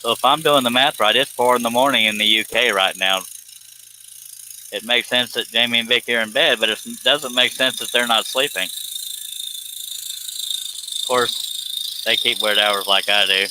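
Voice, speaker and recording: A man's voice: medium pitch, normal speed, pauses often, background noise. A man with a Southern US accent chatting casually to viewers on a phone live stream, rambling and self-deprecating with frequent chuckles.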